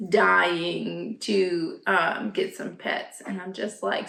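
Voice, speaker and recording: A chatty woman in her thirties with a drawl talks casually at home, gushing over things with plenty of fillers. Her voice has a gravelly fry to it, and the room rings with echo. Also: fairly low pitch, steady tone, slow pace, sharp tone. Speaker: vlogger. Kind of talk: casual chat. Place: home, indoors.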